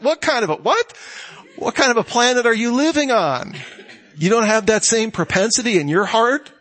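A man's voice: a little high, fairly bright tone. A man preaching a sermon as a pastor, emphatic, and ending with a spoken prayer. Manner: emphatic, rising to exclamations then closing in prayer.

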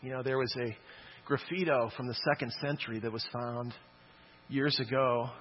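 A man's voice: medium pitch, fairly even intonation, moderate pace, dull audio. A man preaching a sermon in a church, talking in a conversational but emphatic way and often asking "okay?". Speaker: pastor.

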